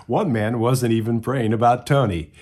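In a mid-range voice that is a little mellow with a breathy edge, a pastor preaches at normal speed with fairly even intonation. He relates a story, performing the voices of the people in it.

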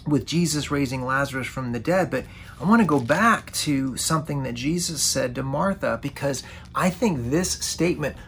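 Earnest male preacher with a gravelly voice. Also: medium pitch, animated, moderate pace, fairly bright tone, slight background noise. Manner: earnest, repeats words when starting phrases. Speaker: pastor. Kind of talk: sermon.

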